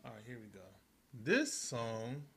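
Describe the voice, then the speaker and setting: A man's voice: mid-range voice, very animated, measured pace, a bit bright. Blunt, cussing young man co-host. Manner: blunt, profane, mock-annoyed. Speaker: podcast co-host. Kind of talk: casual chat.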